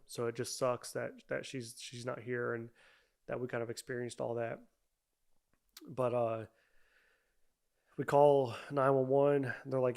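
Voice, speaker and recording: A young man, a podcast guest, telling his own story in a halting way with many repeats and fillers. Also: mid-range voice. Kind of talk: personal storytelling.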